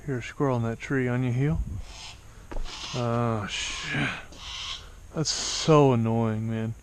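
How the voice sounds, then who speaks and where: A man narrating a casual vlog outdoors as a falconer, talking quietly and patiently and coaxing his bird between remarks. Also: mid-range voice, steady tone, takes it slowly, a little hiss or hum. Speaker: falconer training a hawk. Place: outdoors among trees.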